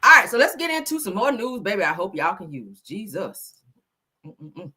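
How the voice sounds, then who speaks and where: A woman hosting a casual gossip show, loud, laughing and full of slang as she teases. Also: mid-range voice, lively intonation, normal speed, slightly rough. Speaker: show host.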